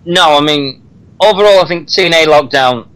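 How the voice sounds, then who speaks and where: A man's voice: a little high, moderate pace, a bit bright, rough recording. A man hosting a radio talk show, chatting casually and laughing often. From Britain. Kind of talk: casual wrestling chat.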